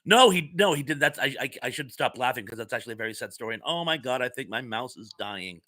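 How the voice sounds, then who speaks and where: A man's voice: medium pitch, animated, fast talker, bright, forceful tone. A man hosting a live stream, casually chatting and reading viewer comments aloud, rambling with fillers and laughter.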